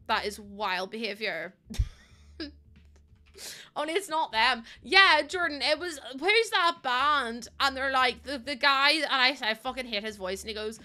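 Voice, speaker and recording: A young woman chatting casually to her stream, full of "like" and quick laughs. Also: fairly high pitch, expressive, bright, forceful tone. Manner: chatty, laughs often, lots of "like".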